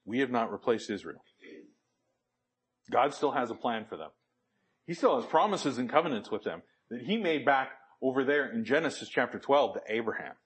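Guy preaching, kinda husky voice, keeps throwing questions at the crowd. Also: mid-range voice, animated, moderate pace, a bit bright. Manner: asks the audience questions, emphatic. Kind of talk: sermon.

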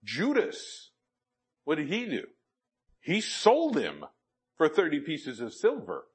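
A man's voice: a little high, huge pitch swings, slow, slightly rough. A man preaching a sermon, quoting scripture and asking the congregation questions with emphatic delivery. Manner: asks the audience questions, emphatic.

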